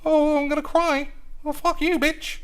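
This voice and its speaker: A man voicing an upset young male footballer who whines in a high, theatrical voice. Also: flat delivery, moderate pace. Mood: whiny. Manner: high whining complaint, theatrical.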